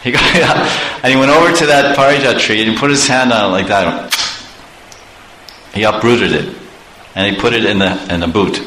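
A man preaching in an animated storytelling way, chuckling often. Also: fairly low pitch, moderate pace, pauses often. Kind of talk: storytelling sermon. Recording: echoey room, faint background noise.

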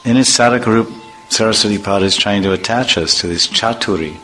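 A man's voice: fairly low pitch, a little fast, pushed and bright, faint music behind, poor audio. A man giving an informal religious talk, telling chatty, playful anecdotes and acting out voices. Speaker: devotional speaker.

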